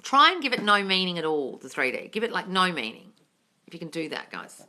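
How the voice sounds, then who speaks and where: A very bright, sharp-toned woman chats through a live Q&A as a manifesting coach, reading out viewer comments. Her pitch swoops up and down, she swears casually and calls everyone darling. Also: a little fast. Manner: gushing bursts of excitement.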